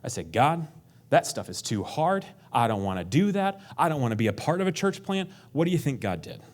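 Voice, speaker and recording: Conversational, animated male pastor preaching. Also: mid-range voice, fairly quick. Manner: conversational, acts out prayers in a raised voice, drops to a near whisper for emphasis. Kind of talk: sermon.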